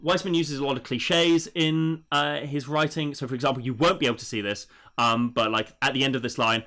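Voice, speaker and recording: A man doing a casual livestream book review, rambling with many fillers and quick laughs. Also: mid-range voice, fairly even intonation, pushed and bright.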